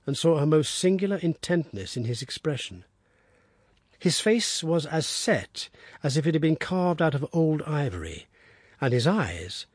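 A man narrating an audiobook with expressive, steady storytelling. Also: medium pitch, husky, no room sound, clean studio sound. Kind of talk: scripted narration.

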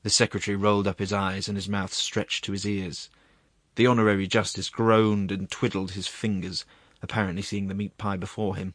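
A man reading a story aloud in a measured, deadpan manner. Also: lowish voice, dry recording. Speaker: narrator. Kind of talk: audiobook narration.

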